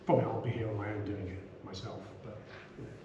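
A middle-aged man leading a relaxed scripture class, chatty, with many asides and repeated "you know"s. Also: lowish voice, quick pace. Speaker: scripture teacher. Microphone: small action camera. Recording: roomy room, faint background hum.

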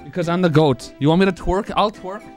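A young man streaming live, excited and out of breath from laughing, swearing freely as he celebrates. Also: on the high side, fast talker, soft background music. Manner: excited, profane, laughing between lines. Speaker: speedrun streamer.

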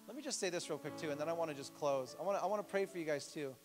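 Male pastor, higher voice, lively storytelling sermon, faint instruments behind. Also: very fast, music in the background, low-quality recording. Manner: animated storytelling preacher, rising to emphatic appeals. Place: church sanctuary.

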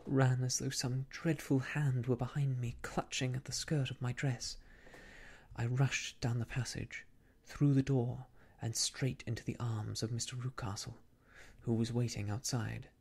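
A man reading a classic tale aloud in soft, hushed, whispered ASMR storytelling. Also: mid-range voice, level tone, measured pace, vocal fry, slightly rough.

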